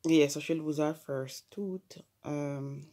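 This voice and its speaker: A woman with a Jamaican accent talks casually in a home family vlog, coaxing and laughing as she slips between patois, English and French. Her voice sits a little low. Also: steady tone, slow, warm tone. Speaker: family vlogger.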